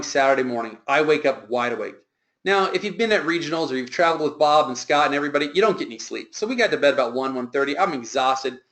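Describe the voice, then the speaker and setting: A man's voice: fairly high pitch, fairly bright tone. A man working as a sales trainer, telling an earnest, emphatic motivational story.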